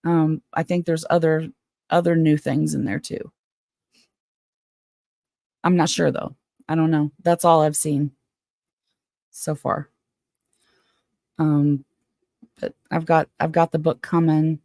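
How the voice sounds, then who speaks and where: A woman's voice: sits low, level tone, gravelly, warm tone, no room sound, clean studio sound. A woman hosting a casual live stream from home, reading a book aloud and chatting frankly with viewers. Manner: chatty, frank, quick to get worked up. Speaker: livestream host.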